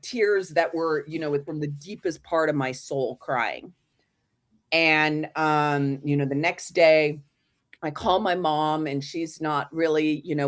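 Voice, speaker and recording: A woman guest in an interview telling a personal story in a casual way, with fillers and restarts, acting out the voices of the people in it. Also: low voice. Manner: animated storyteller who acts out quoted voices.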